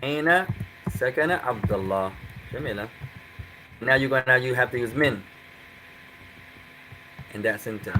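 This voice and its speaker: A man's voice: mid-range voice, a little fast, long pauses, pushed and bright, a little hiss or hum, rough recording. A man teaching a live online Arabic class, coaxing his students and slipping Arabic phrases into English explanations.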